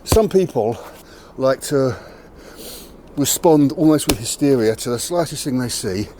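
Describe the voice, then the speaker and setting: A man talks through a training drill outdoors in a plain, candid, unhurried way. His pitch sits in an ordinary middle range. Faint outdoor noise sits behind his voice. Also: animated. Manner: plain, matter-of-fact, candid explanations. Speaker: martial arts channel host. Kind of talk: casual training demonstration to camera. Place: outdoors near a tree.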